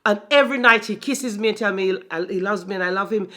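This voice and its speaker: A woman's voice: mid-range voice, fast talker. A middle-aged woman hosting a frank, playful talk about her long marriage and giving relationship advice to viewers. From Jamaica. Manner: animated, frank and playful, addressing viewers as guys. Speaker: host.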